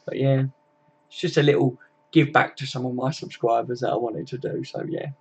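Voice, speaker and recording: A man's voice: mid-range voice, fairly even intonation, normal speed, slightly rough. A tired young man chatting casually and swearing freely as he wraps up a football live stream.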